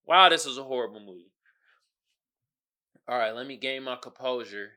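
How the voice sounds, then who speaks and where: Podcast host, man, African American Vernacular English, sharp bright voice, profane, goes from muttering to shouting. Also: sits high, moderate pace. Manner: animated, swings between muttering asides and loud outbursts; slangy and profane, keeps asking "you feel me?". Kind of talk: casual solo podcast rant.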